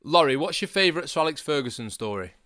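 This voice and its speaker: A man, hosting a podcast in a measured, broadcaster-like way. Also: fairly high pitch, lively intonation, pushed and bright, no echo, studio quality. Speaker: podcast host. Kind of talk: podcast chat.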